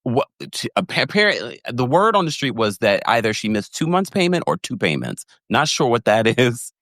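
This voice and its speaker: A man's voice: mid-range voice, sing-song, moderate pace, a bit bright, no echo, studio quality. A man hosting a podcast, playful and gossipy in casual chat, often laughing. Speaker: podcast host.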